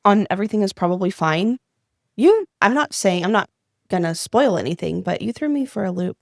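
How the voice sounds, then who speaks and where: Excitable, chatty woman podcast co-host. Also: mid-range voice, fairly quick, creaky, no echo, clean studio sound. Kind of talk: casual interview chat.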